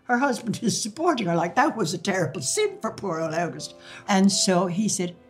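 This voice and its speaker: A woman's voice: mid-range voice, moderate pace, soft background music. An older woman with an Irish accent, recounting memories in an interview, acting out old conversations and laughing now and then. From Ireland. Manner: lively storyteller who acts out quoted dialogue and laughs.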